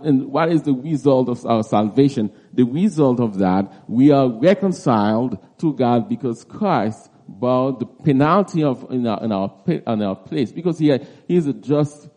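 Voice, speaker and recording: A man preaching through a Bible passage in an expository teaching style, halting often and restarting his phrases. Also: medium pitch, warm tone. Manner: halting, with frequent restarts and repeated words.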